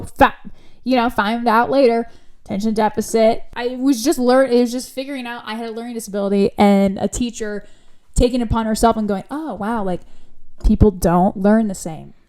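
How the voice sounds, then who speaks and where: A young woman hosting a podcast, telling a personal story in a chatty, animated way with lots of asides. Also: mid-range voice, smooth. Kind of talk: casual storytelling.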